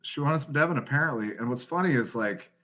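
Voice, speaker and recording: A man's voice: medium pitch, quick pace. A man in his thirties, a podcast guest telling a story casually, swearing often and laughing as he goes. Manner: profane, laughing, animated storyteller.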